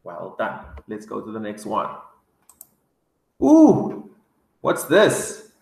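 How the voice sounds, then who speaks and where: A man teaching English words to young children, drilling each word slowly with excited gasps. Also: lowish voice, creaky, reverberant. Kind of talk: vocabulary lesson for kids.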